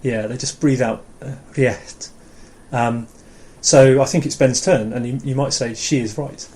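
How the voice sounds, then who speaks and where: A man teaching a relaxed pronunciation lesson, patiently encouraging learners and slowly repeating words for them. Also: medium pitch. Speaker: language teacher.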